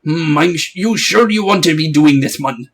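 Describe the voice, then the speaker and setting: A man's voice: a little high, moderate pace, fairly bright tone, breathy edge. A man voicing a chatty, cheeky male fairy companion, full of blunt, folksy slang, in a game playthrough. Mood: wry.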